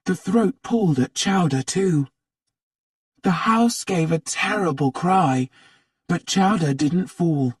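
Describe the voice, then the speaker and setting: A narrator reading a spooky story aloud slowly for English learners, acting out the characters' lines. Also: medium pitch, husky, no room sound, clean studio sound. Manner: animated read-aloud, acts out the characters' lines.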